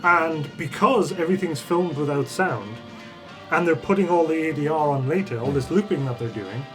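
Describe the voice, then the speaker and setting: A man's voice: on the high side, moderate pace, fairly bright tone, soft background music. Sarcastic man recapping a bad film. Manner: sarcastic, swears freely, laughs while retelling scenes. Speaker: podcast host reviewing a bad movie. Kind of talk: casual comedic movie recap.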